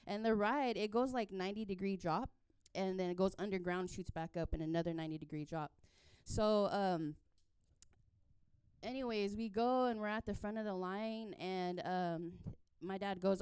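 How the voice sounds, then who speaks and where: A woman's voice: mid-range voice, normal speed, a little mellow, clear, resonant tone, no room sound. A young woman sharing a personal testimony at a church service, telling a family story with many fillers. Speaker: church member giving a testimony.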